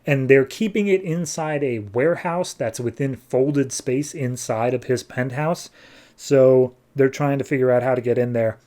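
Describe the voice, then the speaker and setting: A man's voice: mid-range voice, dark tone. A man hosting a podcast, casually recapping a comic book in an offhand way with lots of fillers. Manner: offhand, filler-heavy retelling with quick put-on quotes. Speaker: podcast host.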